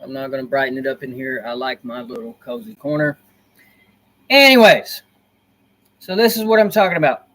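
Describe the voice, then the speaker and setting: A man's voice: mid-range voice, normal speed, long pauses, a bit bright. A man talking casually on a livestream from a dim corner of his room, rambling and repeating himself in an earnest, conspiratorial way. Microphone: laptop built-in mic.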